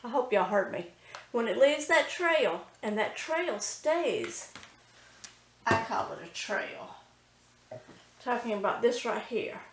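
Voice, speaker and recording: Slow-talking woman, lively high voice. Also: roomy sound, far from the mic, a little hiss or hum, low-quality recording. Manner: chatty, exclaims with delight. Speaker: cooking channel host. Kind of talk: step-by-step cooking demonstration.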